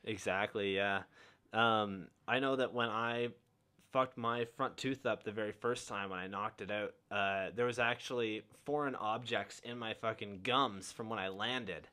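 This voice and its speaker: A man's voice: fairly low pitch, fairly even intonation, a little slow, bright, forceful tone, clean tone. A young man hosting a podcast in casual chat, laid-back and encouraging, full of "like" and "um". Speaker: podcast host.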